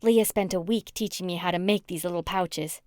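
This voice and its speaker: A woman's voice: on the low side, normal speed, a little mellow, no room sound, clean studio sound, close to an everyday voice. A woman voicing a chirpy young female saleswoman in an audiobook, bubbly and eager.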